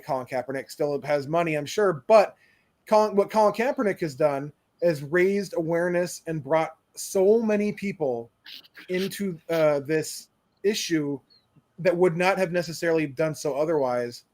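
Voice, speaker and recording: Earnest, higher-voiced man on a video call. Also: normal speed, darkish tone. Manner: earnest, searching for words with many restarts. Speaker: podcast co-host. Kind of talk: casual chat.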